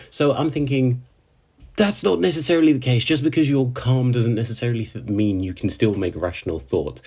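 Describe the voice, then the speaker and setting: A man's voice: medium pitch, brisk, a little mellow. A man giving a casual, rambling recap of an anime episode, chatty and full of slang and restarts. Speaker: anime reviewer.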